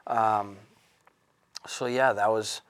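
A man in his thirties telling his own recovery story in an earnest, halting way, with frequent restarts and fillers. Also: fairly low pitch, steady tone, a bit bright. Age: 30s. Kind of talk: candid personal testimony.

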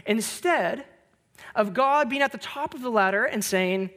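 Animated male pastor preaching a sermon. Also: normal speed. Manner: animated storytelling, rising loud on anecdotes; drops soft and low on reflective points. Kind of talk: Christmas sermon.

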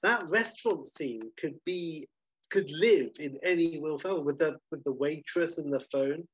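A man in casual podcast chat, enthusiastic and quick to praise. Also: on the high side, slightly rough, muffled recording. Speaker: podcast co-host.

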